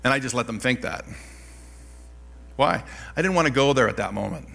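Middle-aged male preacher, animated storyteller, bright forward tone, light music bed. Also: mid-range voice, fairly quick, vocal fry. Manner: animated storytelling with self-deprecating laughs. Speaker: pastor. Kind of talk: sermon.

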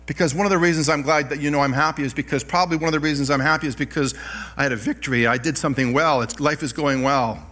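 A middle-aged man preaching a sermon, telling personal stories with animated delivery and self-deprecating laughs. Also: a little high, quick pace. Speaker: pastor.

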